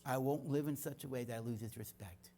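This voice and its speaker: Speaking fairly quickly in a mid-range voice, a middle-aged man gives a church teaching talk as a guest speaker. He brings his stories to life, acting out the dialogue.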